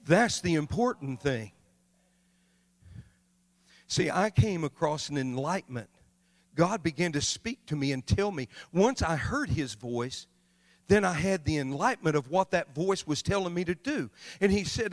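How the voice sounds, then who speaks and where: A male missionary preaching a sermon, swinging from loud shouts to hushed, quiet passages. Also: on the high side, expressive, unhurried, long reverb tail.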